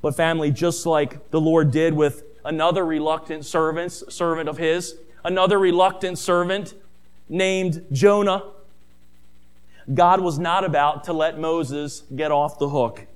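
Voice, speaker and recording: A middle-aged man preaching a sermon who tells stories, calls his listeners family, and rises in pitch and volume on key points. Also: fairly even intonation, measured pace, clear, resonant tone. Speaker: pastor.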